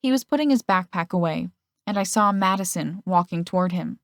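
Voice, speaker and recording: A woman narrates a first-person audiobook in a fairly low voice, close to the mic. The recording is dry, with no room sound, and she lifts her voice slightly when the characters speak. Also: expressive, fairly quick, dry recording. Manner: reads male and female characters' lines with shifts in pitch.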